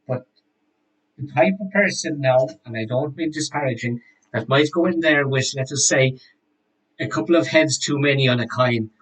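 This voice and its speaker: A man's voice: medium pitch, pitched above the performer's own voice, close to an everyday voice, low-quality recording. A man voicing a chatty, gossipy middle-aged frontier shopkeeper who rambles and restarts his sentences in a tabletop game. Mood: blunt. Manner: rambling, hesitant, full of restarts. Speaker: game master.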